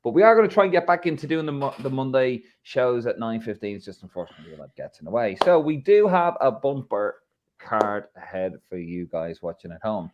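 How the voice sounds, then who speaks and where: An Irish man hosts a live football podcast with his mates. He chats loosely, full of banter and the odd swear word, and his pitch jumps about a lot as he talks. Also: brisk, lo-fi sound, a little hiss or hum. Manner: banter-filled, swears, lively swings in pitch. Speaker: podcast host. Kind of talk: casual football chat.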